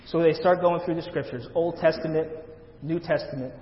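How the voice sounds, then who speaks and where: A fairly high-voiced man preaching an earnest, pleading sermon, leaning on repeated phrases to drive his point home. His voice rings through a reverberant church hall. The recording sounds dull and lo-fi. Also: fairly even intonation, normal speed. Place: church sanctuary.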